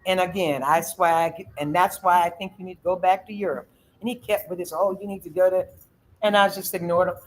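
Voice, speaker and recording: A woman's voice: lowish voice, brisk, rough recording. Middle-aged woman w/ telling a story, gets emotional, acts out the voices. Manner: emotional, animated retelling with quoted voices. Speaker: host. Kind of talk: casual storytelling chat.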